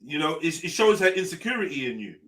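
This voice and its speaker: A man hosting a live open panel, blunt and animated, swearing freely and acting out what people say. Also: fairly high pitch, fast talker, recorded from a distance. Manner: blunt, animated, swears often, acts out quotes. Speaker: host of a live open panel talk show. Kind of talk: casual panel discussion.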